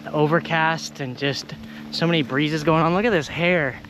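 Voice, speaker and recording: A young man vlogs casually into a handheld camera while hiking a rural trail, rambling and easily delighted as a thru-hiker. His voice is on the high side at a moderate pace, with noisy background sound.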